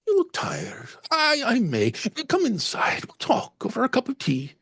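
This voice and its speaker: A homely, talkative landlady speaks with a soft put-on Irish lilt in a high, breathy register. Her voice swoops and rises as she rambles, a man putting her on. The sound is close and dry, with a gravelly edge. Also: huge pitch swings, a little slow, no room sound, heavily acted. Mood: kindly. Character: homely village landlady, middle-aged, chatty, Irish lilt.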